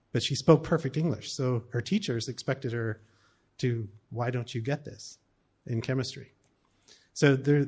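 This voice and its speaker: A man's voice: mid-range voice, a little mellow. A middle-aged American man giving a talk to an audience, telling stories in a conversational way with plenty of fillers. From United States. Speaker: speaker on cross-cultural family life.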